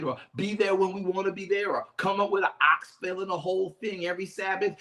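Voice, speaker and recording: A man preaching a sermon in an animated, dramatic way, often calling out to his listeners. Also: high voice. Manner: uses "y'all" and direct address.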